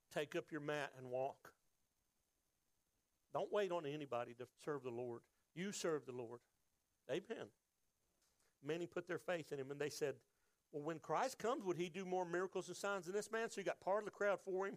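A man's voice: a little high, no echo. A man preaching a sermon, reading scripture and acting out crowd voices with emphatic delivery. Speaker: pastor.

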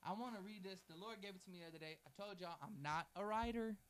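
Sitting high and a bit bright, his voice moves at a quick pace as he delivers a fervent, emphatic sermon with a read-aloud prayer. Repetition builds through his phrasing, broken by folksy, casual remarks.

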